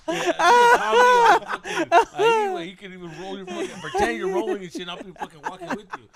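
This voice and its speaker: Young guy rambling through a story on a podcast, talks fast, swears a lot, switches into spanish slang. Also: very high-pitched, huge pitch swings, creaky, crowd noise. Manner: acts out other people's lines in quoted voices. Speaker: podcast co-host. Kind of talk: casual chat.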